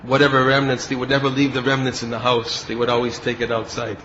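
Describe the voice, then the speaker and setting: A man's voice: mid-range voice, monotone, fast, highs cut off, background noise. A man giving a devotional lecture as a spiritual teacher, telling stories and acting out the quoted speech of the people in them. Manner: storytelling, acts out quoted speech.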